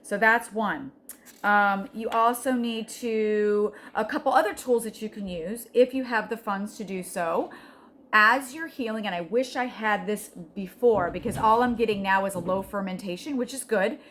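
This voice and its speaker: A woman's voice: mid-range voice, moderate pace, fairly bright tone. Middle-aged woman chatting earnestly to the camera, lots of um's and restarts, faint hiss behind her. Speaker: vlogger sharing a health journey. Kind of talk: casual encouraging chat.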